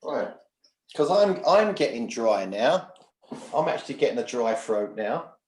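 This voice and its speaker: A man's voice: mid-range voice, big pitch swings, measured pace, darkish tone, roomy sound, slight background noise. A man working as a spiritual medium, giving readings from home and often checking in with his sitter.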